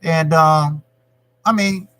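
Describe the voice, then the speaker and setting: Profane, animated male boxing streamer. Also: fairly high pitch, slow pace, background noise. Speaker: boxing channel host. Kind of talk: casual live-stream rant.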